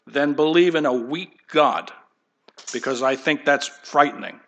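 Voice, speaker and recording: A man's voice: fairly high pitch, moderate pace, a bit bright, highs cut off. A man preaching a sermon as pastor, emphatic and asking rhetorical questions.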